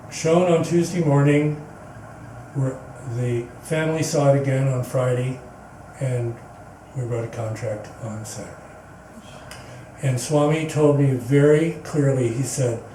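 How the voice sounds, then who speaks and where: As a guest speaker at a spiritual center, a man gives an earnest, rambling personal story, often restarting sentences. His mid-range voice is dark and a little slow. The indoor meeting hall is echoey, and the distant mic picks up background noise.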